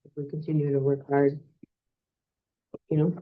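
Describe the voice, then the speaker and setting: A woman board member talks in a hesitant, apologetic way, with many pauses and fillers. Her voice comes through thin and tinny, like over a phone line. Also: low voice, level tone. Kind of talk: meeting discussion.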